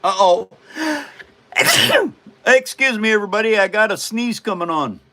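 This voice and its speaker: A man's voice: high voice, sing-song, a little slow, pushed and bright. A man in his seventies hosting a casual livestream, joking and rambling with frequent laughs. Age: 70s. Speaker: livestream host.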